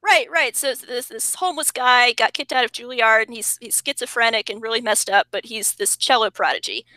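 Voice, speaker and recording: Bright-voiced woman guest on a video call. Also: a little high, a little fast, no room sound. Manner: animated, talks through ideas with many restarts. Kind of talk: casual conversation.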